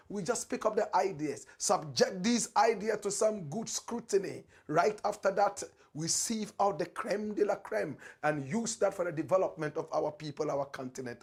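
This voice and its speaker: A man's voice: sits high, a little mellow, slightly rough. A Ghanaian man hosting a political commentary show, talking in a preacherly, dramatic way with repeated catchphrases. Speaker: show host.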